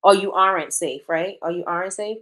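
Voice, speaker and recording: A woman's voice: fairly low pitch, brisk, fairly bright tone. A woman hosting a casual talk show who gives frank opinions, reads out and answers viewer comments, and repeats her points for emphasis. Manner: frank and blunt. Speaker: host. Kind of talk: casual opinion talk, reading live chat.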